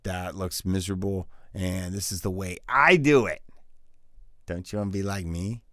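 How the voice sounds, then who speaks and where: A man's voice: low voice, normal speed, fairly bright tone, no room sound, studio quality. A male voiceover coach giving a casual online tutorial, upbeat and slangy, joking as he talks straight to the viewer.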